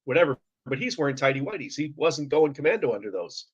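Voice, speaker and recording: A man's voice: medium pitch, very animated, quick pace, husky, highs cut off. A man from Canada chatting casually as co-host, easygoing and hesitant with fillers. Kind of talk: casual chat.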